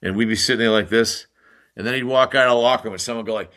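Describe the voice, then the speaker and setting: An older American man, a former hockey player, guests on a podcast and tells stories casually at a very fast pace in a mid-range voice. His anecdotes are animated, with laughs and mimicked voices of other people.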